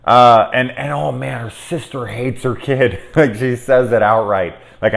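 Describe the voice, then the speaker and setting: A man in his thirties giving a casual, candid spoken review of a horror film, often cursing and swinging between quiet musing and loud exasperation. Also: medium pitch, takes it slowly, gravelly, few pauses.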